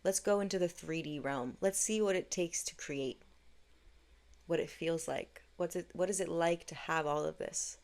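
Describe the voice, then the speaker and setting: Female podcast host with a low, gravelly voice, earnest and blunt, reflective spiritual talk. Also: normal speed, a little mellow. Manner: earnest and candid, with casual swearing.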